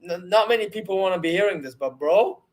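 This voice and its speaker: A man's voice: high-pitched, lively intonation, fast. A young man co-hosting a casual football talk show, teasing and laid-back, peppering his talk with "bro". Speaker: podcast co-host.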